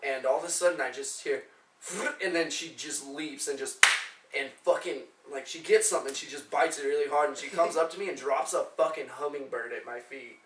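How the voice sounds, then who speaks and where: A man's voice: mid-range voice, brisk. A young man co-hosting a casual podcast, telling rambling, profane stories. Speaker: podcast co-host. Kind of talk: casual chat, storytelling. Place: living room couch. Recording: roomy, distant mic, faint noise.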